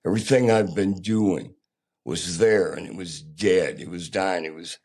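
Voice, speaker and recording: An older man, a podcast guest, telling his own story candidly in a plainspoken, halting, rough-edged way. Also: deep voice, a little mellow.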